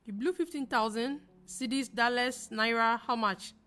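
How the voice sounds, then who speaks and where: A young woman from Ghana hosting a live trading stream, talking fast as she reads viewer comments aloud and answers them. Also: fairly high pitch, sharp tone, faint music behind. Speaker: forex trading livestream host. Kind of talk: casual livestream chat reading viewer comments.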